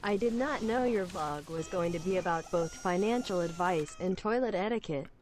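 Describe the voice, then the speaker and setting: A synthetic female voice reads viewer messages aloud. It sits low for a woman and keeps an even, flat, machine-like delivery. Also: normal speed. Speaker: text-to-speech reader of chat messages.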